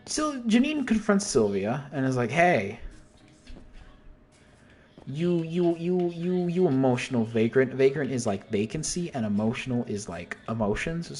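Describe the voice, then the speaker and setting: A man's voice: medium pitch, a little mellow. A man casually explaining an album's story in a rambling, self-interrupting way, with mild slang. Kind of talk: casual commentary.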